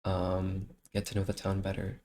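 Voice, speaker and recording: A man's voice: deep voice, monotone, normal speed, dark tone, a little hiss or hum. A man chatting casually and rambling as he streams a game, with many fillers. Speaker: livestreamer. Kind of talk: casual chat while playing a game. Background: faint game music.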